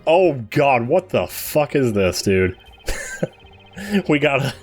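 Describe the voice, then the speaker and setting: A man's voice: mid-range voice, big pitch swings, extremely slow, a little mellow, husky, soft background music. A young man hosting a let's play, joking and reacting aloud while he reads the game's dialogue. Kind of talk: casual game commentary.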